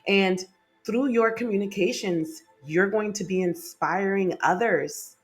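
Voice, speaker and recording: A woman's voice: mid-range voice, a little slow, faint music behind. A woman giving a monthly tarot reading, chatty and enthusiastic, with many fillers and repeated okays. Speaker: tarot reader.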